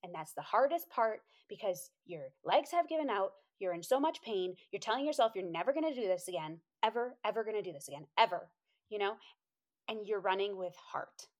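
A woman telling a motivational story in a casual, animated way, quoting herself in high voices and laughing often. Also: brisk. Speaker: inspirational speaker.

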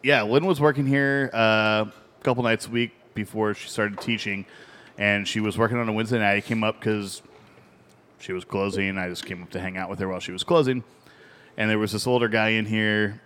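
Low-voiced laid-back podcast co-host. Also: male voice, steady tone, brisk, a bit bright, slight background noise. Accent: Midwestern American. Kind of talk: casual storytelling chat.

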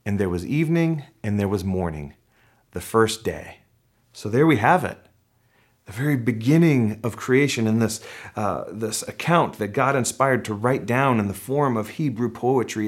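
A male pastor delivering a Sunday sermon at a mid-range pitch. He talks conversationally with fillers and restarts and slows down for scripture readings. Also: husky.

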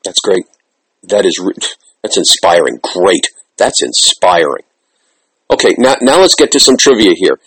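Lively, low, husky-voiced male host. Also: a little slow, no room sound, poor audio. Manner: animated, enthusiastic, praising. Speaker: interview host. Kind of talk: casual interview.

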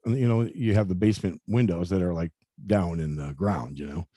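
A man in his fifties telling a personal story in an interview, earnest and halting, often repeating words and saying "you know". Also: low-pitched, mellow, breathy edge, no echo, studio quality. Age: 50s. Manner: earnest, confessional. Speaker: interview guest.

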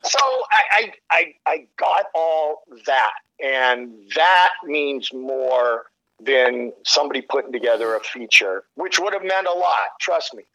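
A man's voice: medium pitch, animated, unhurried, creaky, pushed and bright, rough recording. A middle-aged man, a sports commentator on a podcast as a guest, telling stories casually, acting out quotes and laughing often. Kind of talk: casual storytelling.

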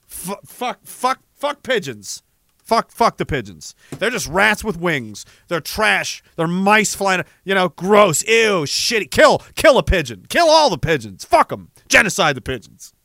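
A young man rambling comedically to a live audience in a profane, animated way, reading viewer messages and breaking into sudden shouts. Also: high voice, a little slow, vocal fry, no echo, clean studio sound. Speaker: live streamer.

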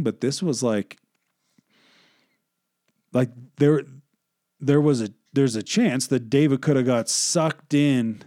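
A man's voice: mid-range voice, mellow, no room sound, studio quality. A young man casually teaching a Bible passage, retelling the scriptures in slangy modern talk.

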